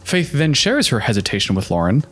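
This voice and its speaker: Animated, sarcastic male commentator. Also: mid-range voice, a little fast, breathy edge. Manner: sarcastic, incredulous, analytical. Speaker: YouTube commentator. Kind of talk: reaction commentary on a reality show.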